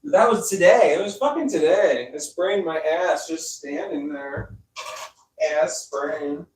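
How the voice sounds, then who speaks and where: A young man rambling slowly on a live stream from his sofa, tired and a little slurred, laughing often. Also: high-pitched, animated. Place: dark room on a sofa at home. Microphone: clip-on microphone.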